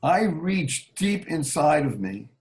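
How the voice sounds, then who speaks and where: A man telling a personal story slowly and earnestly as an interview guest. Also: fairly high pitch, big pitch swings, darkish tone, rough recording.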